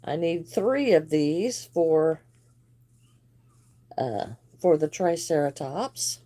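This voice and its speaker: A woman's voice: low-pitched, expressive, drawn-out words, mellow. A woman hosting a live crochet stream, chatting casually and greeting viewers by name while she works, laughing now and then. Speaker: crochet livestream host.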